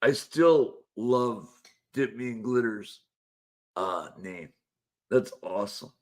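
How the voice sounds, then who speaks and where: A man's voice: lowish voice, takes it slowly, a little mellow. A man hosting a casual live-stream panel show, laid-back and chuckling as he coaxes guests to join. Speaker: livestream show host.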